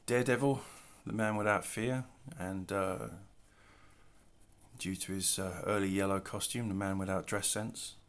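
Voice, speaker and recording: A middle-aged man casually showing his artwork on camera, talking in a relaxed, rambling way with self-deprecating asides. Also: deep voice, unhurried. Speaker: artist showing his work. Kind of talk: casual show-and-tell narration. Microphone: camera mic, handling artwork.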